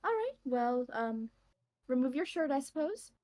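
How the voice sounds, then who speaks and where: A woman's voice: high voice, big pitch swings, unhurried, a little mellow, voice pushed up. A woman voicing a kind, flustered young female lava genasi in a tabletop game, stammering as she talks. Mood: embarrassed. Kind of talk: tabletop role-play.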